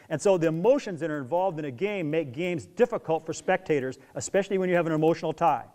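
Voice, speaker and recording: A man's voice: on the high side, fast talker, few pauses. A middle-aged man giving a talk to an audience, telling stories and acting out scenes as he goes. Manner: animated storyteller who acts out scenes. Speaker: speaker on parenting young athletes.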